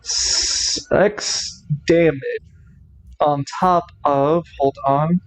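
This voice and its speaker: A man's voice: on the high side, steady tone, extremely slow, poor audio. A man narrating a tabletop role-playing game as game master, often stopping and restarting while he checks the rules.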